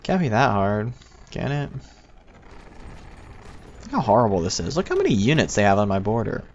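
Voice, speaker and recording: A man's voice: lowish voice, wildly swooping pitch, moderate pace. A young American man chatting casually on a game livestream, rambling and answering his chat. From United States. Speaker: livestreaming gamer. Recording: dull lo-fi stream audio with faint noise.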